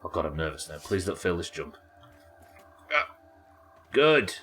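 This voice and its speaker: A young man with a broad Yorkshire accent, commenting on his gameplay to a live chat. His voice sits low but moves a lot in pitch, and he drifts between muttered asides and livelier chatter, swearing casually. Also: very animated, measured pace, bright, forceful tone, soft background music. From Yorkshire, England. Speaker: livestreamer.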